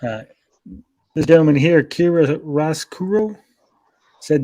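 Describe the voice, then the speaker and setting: A man's voice: on the high side, moderate pace, darkish tone, no echo. A man co-hosting a casual podcast chat, reading out online posts with wry, sarcastic asides. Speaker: podcast co-host.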